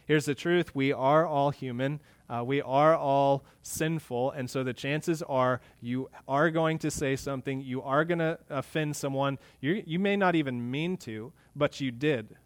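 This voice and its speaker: A male pastor preaching an earnest sermon, rising louder when he quotes scripture. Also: medium pitch, no room sound.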